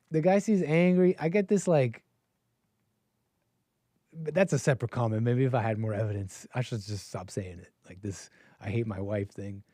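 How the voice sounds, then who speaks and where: A man's voice: fairly high pitch, dark tone, no echo. A man hosting a call-in livestream, chatting casually and rambling with laughs. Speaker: call-in show host.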